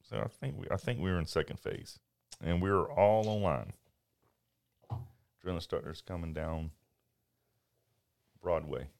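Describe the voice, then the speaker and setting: A middle-aged man in casual chat, telling stories in an animated way and laughing often. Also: low voice, a little slow, creaky, long pauses.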